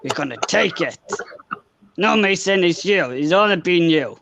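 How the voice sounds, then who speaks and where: A man doing a gruff tough soldier. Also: sits high, lively intonation, normal speed, muffled recording, noisy background. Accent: Welsh.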